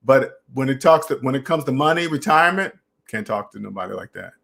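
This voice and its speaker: A man's voice: mid-range voice, expressive, brisk, gravelly, fairly bright tone. A young adult man hosting a casual personal finance live stream, talking straight to viewers and repeating phrases for emphasis.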